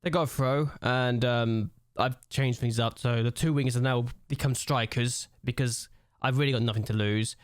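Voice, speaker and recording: A man's voice: medium pitch, fairly even intonation, normal speed, smooth, dry recording, clean studio sound. A young man giving let's-play commentary on a football management game at a desk mic. He rants and complains in exasperation at what happens on screen. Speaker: gaming YouTuber.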